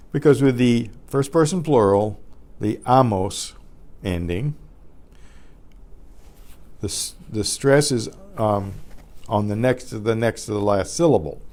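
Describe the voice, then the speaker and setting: A man teaching a Spanish grammar class, explaining patiently and clearing his throat often. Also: lowish voice, animated, a little slow, pauses often, a little mellow. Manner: recites word lists carefully.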